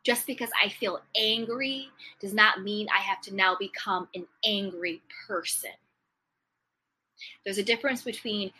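A woman speaks in a motivational self-help talk with a bright, forceful tone and a middle pitch. She drives her points home through emphatic repetition. Her loudness rises on key words and then falls away softly. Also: husky, poor audio. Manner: swings between loud stresses and soft trailing phrases.

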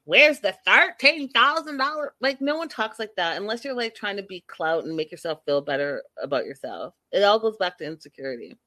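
A woman live-streams a casual reality show recap, talking to viewers with sass, animation, and exasperation. Her voice is on the low side and brisk, with few pauses and no echo.

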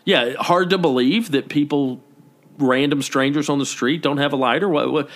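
A man co-hosting a casual podcast chat, telling a story with lively, animated delivery and acting out what people said. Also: moderate pace. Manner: animated storytelling, acting out quoted lines with big pitch jumps. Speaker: podcast co-host. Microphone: podcast microphone.

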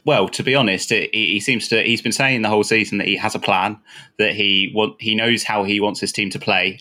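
A man giving measured, thoughtful football analysis on a podcast. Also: on the low side, sharp tone. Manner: thoughtful, measured, some restarts. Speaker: podcast co-host. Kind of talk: football analysis, casual chat.

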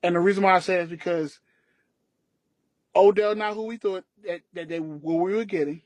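A man's voice: high-pitched, fairly even intonation, fairly quick, a little mellow, no echo. A man co-hosting a sports podcast, ranting emphatically in casual talk. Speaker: podcast co-host.

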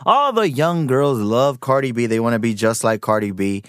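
A man's voice: mid-range voice, lively intonation, moderate pace, a bit bright, smooth, no room sound, clean studio sound. A man hosting a podcast, giving casual, rambling commentary full of fillers. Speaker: podcast host.

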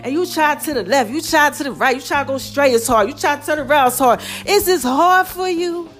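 High-voiced woman preaching to her viewers. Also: a little fast, a bit bright, soft background music. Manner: affectionate, calls listeners "baby" and "y'all"; preachy, repeats phrases for emphasis. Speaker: host of her own online show. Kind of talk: casual motivational talk to viewers.

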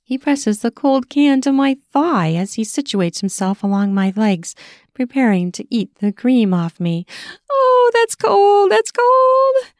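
A woman narrating a first-person erotic audio story in a slow, sensual reading voice. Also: mid-range voice, mellow, dry recording, studio quality.

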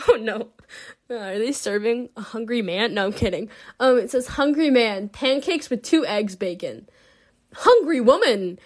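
A young woman casually rambling through a vlog, incredulous and laughing often, with lots of fillers. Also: fairly high pitch. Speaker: vlogger. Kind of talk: casual unscripted commentary.

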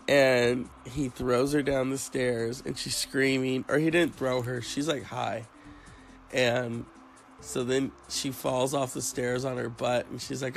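A man hosting a casual chat, rambling and crude in a deadpan way. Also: mid-range voice, takes it slowly, creaky, soft background music, poor audio.

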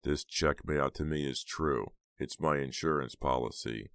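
A man voicing a smug, calm teenage boy who is a killer in an audiobook, speaking coolly and self-satisfied. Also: very deep voice, moderate pace, vocal fry, dry recording, studio quality, heavily acted. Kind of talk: audiobook character voice.

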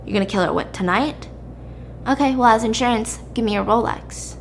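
A woman's voice: a little high, a little fast, vocal fry, a little hiss or hum. A woman voicing a threatening male loan shark who bluntly demands payment.

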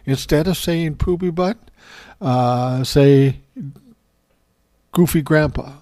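A man's voice: on the high side, takes it slowly, mellow, dry recording, studio quality. Wry, profane older man telling stories. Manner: profane, self-mocking and wry. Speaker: host. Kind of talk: casual storytelling monologue.

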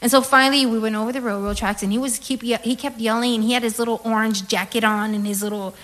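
Woman telling stories, animated. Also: fairly high pitch, quick pace. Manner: animated storytelling, swearing, lots of "like" fillers. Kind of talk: casual chat.

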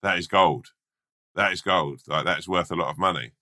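A man voicing a wise old male rat in a spoken fable, with an excited, exclaiming manner. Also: low-pitched, brisk. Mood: amazed.

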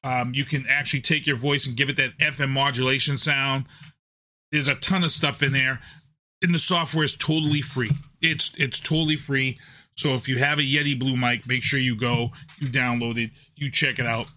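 A man's voice: medium pitch, steady tone, moderate pace, bright, forceful tone. A man hosting his live podcast in a home studio on a desk microphone, chatty and loose, often repeating himself. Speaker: podcast host. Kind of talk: casual live show talk. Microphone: desk USB microphone.

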